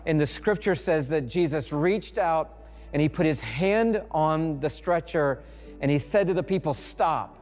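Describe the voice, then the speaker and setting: A male pastor delivering a sermon, telling the story dramatically with pauses and acted-out lines. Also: a little high, darkish tone. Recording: reverberant hall with faint music.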